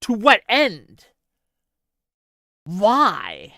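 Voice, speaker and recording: A man's voice: sits high, huge pitch swings, drawn-out words, bright, forceful tone, no echo. A man hosting a livestream, reading out chat comments and ranting in a sarcastic, exasperated way. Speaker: streamer host.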